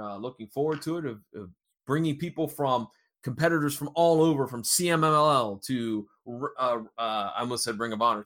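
A man hosting a casual podcast, chatting about wrestling news and jumping between loud and quiet remarks. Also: mid-range voice. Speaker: podcast host.

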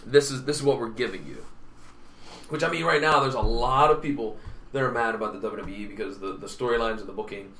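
A man's voice: mid-range voice, fast talker, fairly bright tone. A man in casual chat, telling a story animatedly and acting out the quotes.

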